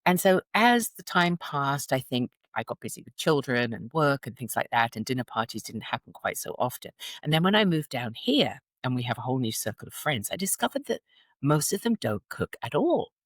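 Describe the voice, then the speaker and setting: A British woman in her sixties from England, chatting as an interview guest and telling animated stories with frequent laughter. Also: a bass voice, brisk, no echo. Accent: British English. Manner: animated storytelling, laughs often. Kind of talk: casual interview chat.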